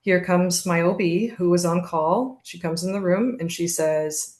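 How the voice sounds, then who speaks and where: A woman as a podcast guest, telling her birth story in a candid, steady way and acting out what others said. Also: on the low side, unhurried, few pauses, roomy sound. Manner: candid, steady narration with reenacted quotes. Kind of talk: conversational storytelling.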